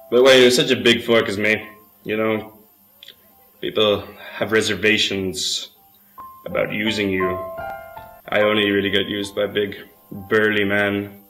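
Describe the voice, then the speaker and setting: An actor playing a meek, dazed young man who believes he is a fork, speaking earnestly and deadpan in a mockumentary. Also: lowish voice, rough recording. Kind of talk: mockumentary acting. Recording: music playing loud behind the voice.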